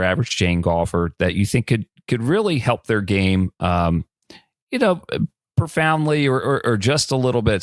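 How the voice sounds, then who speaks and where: A man's voice: fairly low pitch, no room sound, clean studio sound. A man hosting an interview, chatting easily and asking his guest a closing question. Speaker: interview host. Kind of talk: casual interview chat.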